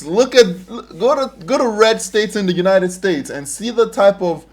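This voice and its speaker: A young man with a slightly high voice talks through a reaction video. He is animated and emphatic, and he breaks into laughter often. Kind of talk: casual reaction commentary.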